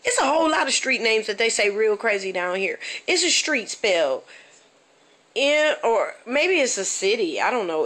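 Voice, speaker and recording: Woman, 30s, from the northern Midwest, stand-up comic, animated, incredulous, rhetorical questions, brightish higher voice. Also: a little slow. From northern United States, Midwest. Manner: conversational, checks in with the audience. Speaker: comedian. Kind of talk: stand-up comedy monologue.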